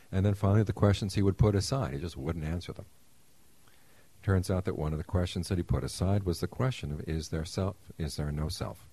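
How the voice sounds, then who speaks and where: A man gives a dharma talk as a meditation teacher in a meditation center. His voice is extremely deep, dark and husky, and his pace is measured and explanatory, with wry asides to his listeners.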